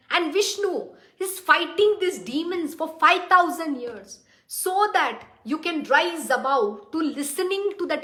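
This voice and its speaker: A high-pitched woman delivers a devotional discourse, speaking bluntly and firing rhetorical questions at her listeners. Her voice rings in a roomy, echoing space. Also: a bit bright. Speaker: spiritual teacher. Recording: roomy echo.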